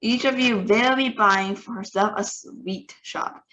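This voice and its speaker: A woman reading a storybook aloud, voicing a tiny, furious female witch leader who shouts and shrieks her orders. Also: medium pitch, measured pace, lo-fi sound, lightly acted. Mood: commanding. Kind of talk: read-aloud storybook acting.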